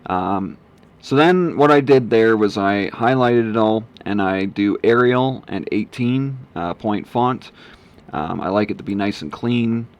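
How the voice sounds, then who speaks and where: Low-voiced man rambling through a tutorial. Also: a little slow, highs cut off. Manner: rambling, with many ums and self-corrections. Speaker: online marketing vlogger. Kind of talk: casual screen-share walkthrough.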